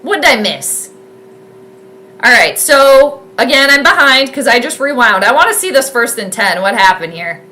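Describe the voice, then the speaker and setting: A woman giving chatty, excitable live commentary on a football game from home, rambling with lots of fillers. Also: a little high, normal speed, few pauses. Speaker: sports streamer doing live game commentary.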